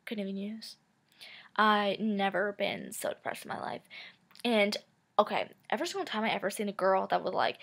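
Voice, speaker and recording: A woman's voice: medium pitch, lively intonation, normal speed, gravelly, fairly bright tone. A woman in her twenties telling a personal story to camera in a casual, chatty way, full of "like" and "um" and frank swearing. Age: 20s. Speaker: vlogger.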